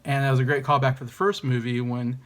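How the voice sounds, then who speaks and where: A man's voice: mid-range voice, flat delivery, quick pace. A man giving a casual, enthusiastic movie review, hesitant and rambling with many ums and restarts.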